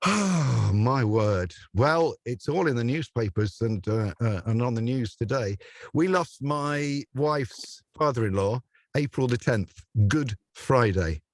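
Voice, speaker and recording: A male radio presenter rambles happily through anecdotes, laughing often and slipping into little put-on voices. His pitch sits in the ordinary middle for a man. The sound is close and dry, with almost no room. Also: expressive, slow pace, no echo. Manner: chatty storyteller who laughs often and acts out voices. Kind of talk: relaxed anecdotal interview chat.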